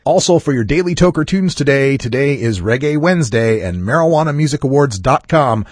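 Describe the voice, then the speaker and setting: Man, podcast host, husky voice, lively pitch, wry chatty monologue. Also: a little fast, no echo, clean studio sound.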